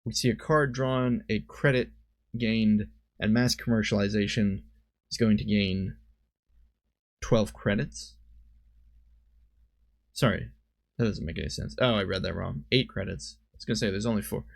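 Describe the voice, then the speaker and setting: A man with a low-set, gravelly voice walks through a card game match in a relaxed commentary style. He thinks out loud and catches his own mistakes as he goes. The sound is dry and close, with no room echo. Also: moderate pace, long pauses. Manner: thinks aloud, often corrects himself. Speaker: streamer and commentator.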